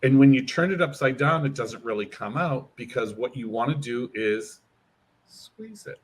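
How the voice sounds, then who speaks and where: Husky man demonstrating a hair product. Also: medium pitch, normal speed. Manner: animated, demonstrative, acts out client dialogue. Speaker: hair care brand educator. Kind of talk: interview, explaining and demonstrating.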